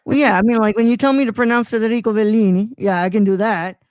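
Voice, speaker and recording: A man's voice: high voice, fast, smooth, no room sound. A man in his twenties from Mexico hosting a casual live show, rambling and stumbling over names with many fillers. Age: 20s. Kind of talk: casual live-stream chat.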